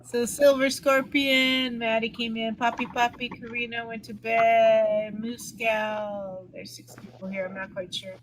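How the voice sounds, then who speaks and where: A woman's voice: fairly high pitch, little pitch movement, a little slow, hardly any pauses, low-quality recording. A woman hosting a livestream, chatting easily with her guest and reading out viewers' names. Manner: easygoing, reads out viewers' names. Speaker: stream host. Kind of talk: casual chat on a livestream. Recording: faint background noise.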